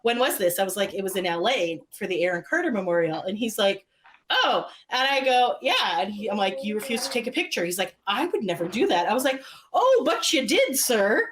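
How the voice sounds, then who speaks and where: A woman's voice: medium pitch, animated, fast talker, hardly any pauses. A woman co-hosting a podcast, chatting casually and telling stories, acting out both sides of conversations with plenty of "like". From Toronto, Canada. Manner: chatty storyteller who acts out quoted exchanges with lots of "like". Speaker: podcast co-host. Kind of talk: casual chat recapping an event.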